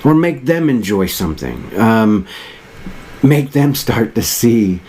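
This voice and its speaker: A man's voice: on the low side, big pitch swings, takes it slowly, mellow, a little hiss or hum. A man in his thirties telling a personal story in an earnest, reflective way, rambling and restarting as he goes. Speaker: motivational vlogger.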